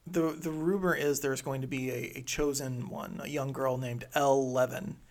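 Man, average pitch, podcast co-host, dry teasing humor, chatty. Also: steady tone, moderate pace. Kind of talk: casual podcast chat.

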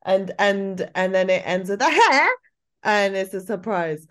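A woman from Britain guesting on a podcast, giggly and rambling as she improvises a film pitch. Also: animated, measured pace. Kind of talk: casual chat, improvised pitch.

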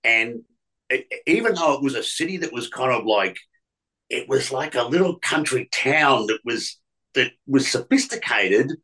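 A man's voice: medium pitch, animated, moderate pace, sharp tone, low-quality recording. A middle-aged man, a radio presenter, telling stories from his career in a rambling way, with many restarts and fillers. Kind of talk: casual storytelling interview.

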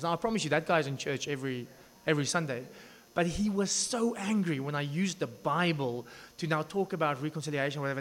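A man preaching a sermon, telling a story with lively asides, restarts and acted-out quotes. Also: a little high, fast. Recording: echoey hall reverb.

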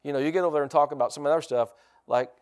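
Emphatic pastor, slightly high voice. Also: male voice, fairly even intonation, darkish tone. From United States. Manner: emphatic, call-and-response preaching with repeated phrases; slows down to stress key words. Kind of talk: sermon.

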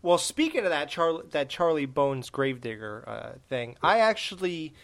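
A man's voice: fairly high pitch, sing-song, moderate pace, fairly bright tone. A man co-hosting a horror podcast, chatting casually and rambling with lots of restarts and laughter. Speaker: podcast co-host. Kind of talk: casual chat.

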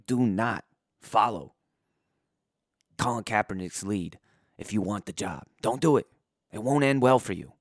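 A man ranting about sports in crude, profane language, his voice going hoarse. He swings between loud outbursts and low muttering. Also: no room sound, studio quality. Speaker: sports podcaster. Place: indoors.

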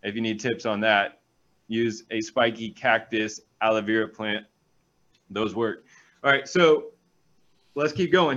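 A man, a pastor, reading scripture aloud and breaking off into energetic, animated stories with quick asides. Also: on the low side, muffled recording. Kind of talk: reading scripture and preaching in a talk show.

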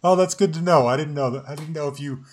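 A man's voice: a little high, fast talker, a loud crowd. A man hosting a podcast interview, asking short, friendly questions. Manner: short prompts and frequent backchannel laughs. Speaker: podcast host. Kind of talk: casual interview chat.

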